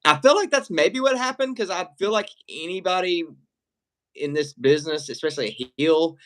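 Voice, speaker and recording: On a wrestling reaction stream, a man with a high-pitched, expressive voice co-hosts at a moderate pace. His talk is casual, rambling and profane, and he laughs as he goes.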